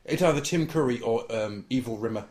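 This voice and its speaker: Joking podcast co-host. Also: male voice, mid-range voice, brisk, a little mellow. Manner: joking, laughs often, slips into put-on voices. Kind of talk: casual chat.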